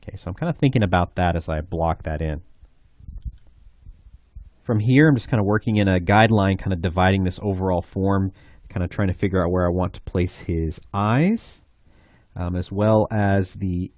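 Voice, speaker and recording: A man narrates a drawing lesson in a deep, low voice. He talks in a relaxed, meandering way, filling gaps with "kinda" and "um". The sound is close and dry with no room around it. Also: normal speed, no echo. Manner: easygoing, loose delivery with many "kinda" and "um" fillers. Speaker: art instructor. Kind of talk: drawing tutorial voice-over.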